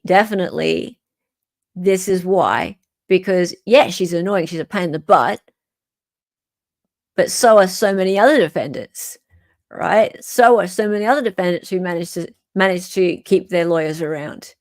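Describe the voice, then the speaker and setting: A woman's voice: on the low side, creaky. An Australian woman hosting a casual livestream, chatting, reading court documents aloud and reacting to viewer comments. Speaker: host.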